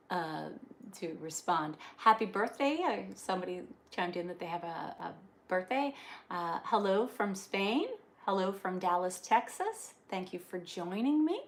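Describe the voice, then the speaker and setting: A woman from the Northeast US with a lowish, expressive voice chats casually with viewers on a livestream, speaking at a measured pace with frequent fillers and restarts. She's indoors on a farm on a rainy day, and there's slight background noise.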